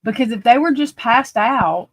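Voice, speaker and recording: Woman, fairly high voice, blunt exasperated commentary, swearing, dry close sound. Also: lively intonation, normal speed, no room sound. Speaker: true crime commentator. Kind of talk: casual commentary.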